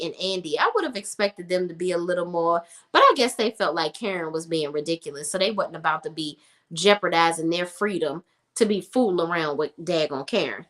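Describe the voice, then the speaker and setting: Bright-voiced sassy woman recapping TV. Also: on the low side. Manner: sassy, emphatic, repeats for emphasis. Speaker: TV show reviewer. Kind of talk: casual recap commentary.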